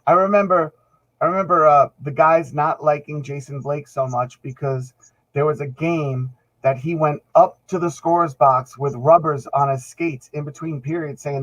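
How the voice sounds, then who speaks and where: A man's voice: fairly high pitch, fairly even intonation, moderate pace, a bit bright, dull audio. A man, a guest on a podcast, telling rambling stories in casual chat and acting out the quotes. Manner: rambling anecdotes with acted-out quotes. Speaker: podcast guest, band musician.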